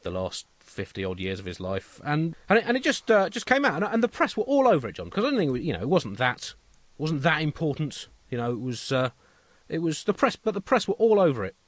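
Sardonic man, high and lively. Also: a little fast, no echo. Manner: sardonic, rambling. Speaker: comedy co-host. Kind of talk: satirical comedy chat.

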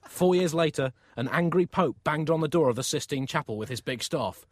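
A man co-hosting a comedy podcast, reading scripted satirical news in a deadpan, wordy style. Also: a little high, a little fast, few pauses, no room sound, clean studio sound.

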